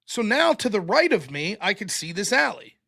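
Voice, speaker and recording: Podcast host, male, high-pitched and bright, chatty animated storyteller. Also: normal speed, vocal fry. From United States. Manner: animated storyteller, acts out quoted people with loud bursts, laughs often. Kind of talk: casual storytelling monologue.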